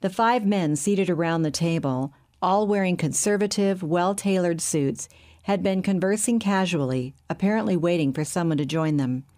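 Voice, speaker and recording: A woman with a fairly low voice narrates an audiobook, reading the scripted text in a steady, measured way.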